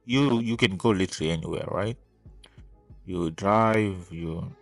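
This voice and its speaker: A man's voice: low voice, unhurried, no room sound, soft background music. A man giving casual reaction commentary, talking in incredulous, exasperated bursts and swearing freely. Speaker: reaction video host.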